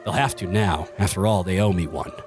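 A man's voice: sits low, a little fast, music in the background, pitched below the performer's own voice, close to an everyday voice. Man doing a cryptic hooded stranger. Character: mysterious hooded young man with a falconer's glove.

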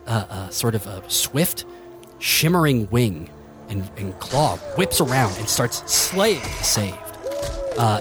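A man narrating a tabletop game as game master, rambling with many fillers and frequent laughs. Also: fairly low pitch.

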